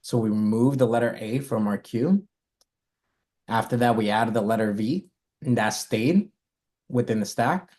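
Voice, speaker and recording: A man's voice: medium pitch, a little slow, pauses often, darkish tone. A man teaching a live coding lesson, talking through his code step by step and correcting himself as he goes. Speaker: coding instructor.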